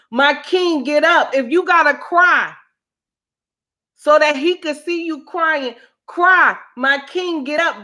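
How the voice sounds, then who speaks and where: Slow, preachy woman on a livestream. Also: sits high, sharp tone. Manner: preachy, repeats lines for emphasis. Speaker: livestream host. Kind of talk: casual commentary livestream.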